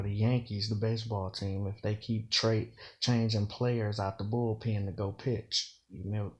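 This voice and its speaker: A man giving casual commentary on battle rap, explaining slang and double meanings and often saying "you know". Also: on the low side. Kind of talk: casual bar breakdown commentary.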